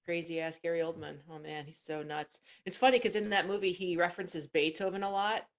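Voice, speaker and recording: A woman's voice: on the low side, fairly even intonation, fairly quick. A woman co-hosting a podcast, chatting and telling stories, often trailing off mid-thought. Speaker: podcast co-host. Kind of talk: casual chat.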